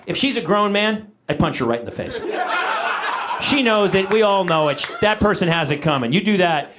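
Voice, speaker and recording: A middle-aged male stand-up comedian telling a family story in an exasperated, animated way on stage. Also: high-pitched, moderate pace, background noise. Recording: live audience laughter.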